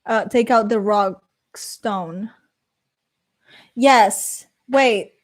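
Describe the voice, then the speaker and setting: A woman's voice: medium pitch, drawn-out words. A young woman streamer chatting casually with her chat and reading comments aloud, rambling, swearing now and then and slipping into Spanish.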